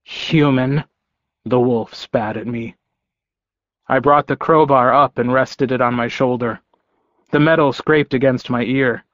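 Guy reading a story aloud in first person, calm and slow, dry dull-ish sound. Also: medium pitch, no room sound. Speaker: audiobook narrator. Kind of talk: first-person audiobook narration.

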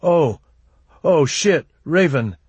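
Brief: a male narrator playing a scared young man hauling corpses, husky and raised in pitch, bursting out in panicky objections. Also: expressive, slow, darkish tone, no room sound. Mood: alarmed. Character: nervous young male body-hauler, fearful.

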